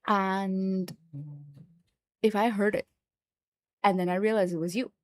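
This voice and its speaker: A woman streamer and voice actor chatting live on stream, excitable and repetitive, swearing freely. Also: mid-range voice, a little slow, dry recording. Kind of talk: casual livestream chat.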